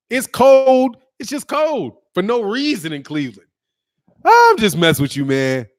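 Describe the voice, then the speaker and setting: A man's voice: high voice, sing-song, measured pace. A middle-aged man from the Chicago area, bantering casually and trash-talking with a joking tone on a boxing live stream, laughing often.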